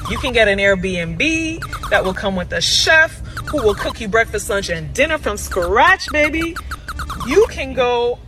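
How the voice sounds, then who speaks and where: A woman's voice: fairly high pitch, sing-song, measured pace, music in the background. A woman from Miami vlogging in an enthusiastic monologue, emphatic and repeating words for effect.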